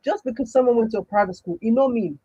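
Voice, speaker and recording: A woman's voice: on the high side, quick pace, warm tone, breathy edge, no room sound, highs cut off. A woman with a Nigerian accent, a dating coach answering chat questions on a livestream, emphatic and full of rhetorical questions.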